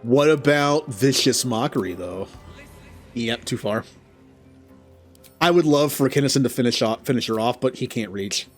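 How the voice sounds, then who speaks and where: A man's voice: mid-range voice, moderate pace, pauses often, soft background music. A man hosting a let's play, thinking aloud about his moves with chuckles and self-deprecating remarks. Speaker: gaming channel host.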